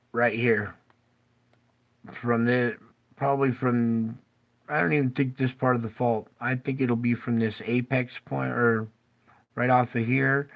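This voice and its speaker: Man, host, gravelly voice, middle pitch, tired, rambling casual commentary. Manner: rambling, jokey and self-interrupting. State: tired, yawning. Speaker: show host. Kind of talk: casual commentary over maps.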